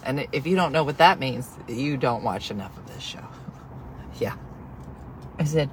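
A woman telling a story on a live stream as a casual rant, exasperated and animated, swinging from quiet asides to loud outbursts. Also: low-pitched, a little slow, long pauses, background noise.

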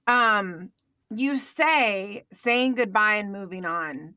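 Woman podcast host, bright tense voice, emotional earnest, stop-start talk, dry close mic. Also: mid-range voice, animated, no room sound. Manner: emotional and earnest, halting phrasing. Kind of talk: podcast interview.

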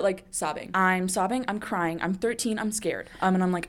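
A woman's voice: mid-range voice, normal speed, hardly any pauses. A young woman telling a story in a casual, rambling way, full of fillers and blunt swearing. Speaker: interviewee.

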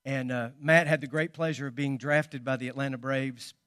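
A man preaching a sermon, telling stories and swinging between loud emphasis and quiet asides. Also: medium pitch, fairly even intonation, normal speed, dry recording, studio quality. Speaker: pastor.

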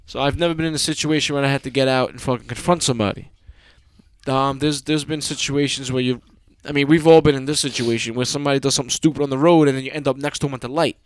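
A man's voice: mid-range voice, steady tone, quick pace, smooth. A man with a heavy New York accent hosting a podcast, bantering and swearing in casual chat. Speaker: podcast host.

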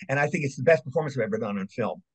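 A man's voice: mid-range voice, expressive, rapid-fire, breathy edge. An older man from Maryland, a guest actor, telling eager, rambling stories in a casual interview. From Maryland, USA. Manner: rambling, eager anecdotes with restarts.

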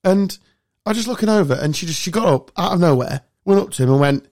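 Podcast host, man, higher-pitched, sweary and animated storyteller. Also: fast. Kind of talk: casual chat.

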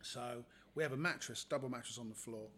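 A man, a podcast guest telling funny personal stories in a lively way and acting out the people in them. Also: medium pitch, fairly quick, slight background noise. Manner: animated storyteller, acts out the people in his stories. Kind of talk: casual anecdotal storytelling.

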